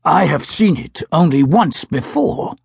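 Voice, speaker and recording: A man voicing a grave adult male plainsman in an audiobook, speaking slowly and solemnly. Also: on the high side, lively intonation, gravelly, husky, dry recording, studio quality, pitched above the performer's own voice, full character voice. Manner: slow, measured, solemn speech. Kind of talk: audiobook character voice.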